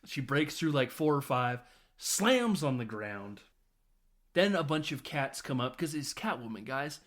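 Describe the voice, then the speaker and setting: Animated man recapping a film. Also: medium pitch, a little slow. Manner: animated, laughing, doing voices of film characters. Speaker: podcast host. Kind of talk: casual film recap with acted quotes.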